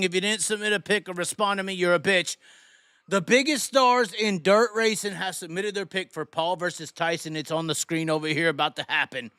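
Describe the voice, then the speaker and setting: A man hosting a rowdy live stream, announcing loudly and swearing often like a hype man. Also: sits high, fairly even intonation, fairly quick, smooth, no echo, studio quality. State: frustrated and worked up. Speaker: livestream host.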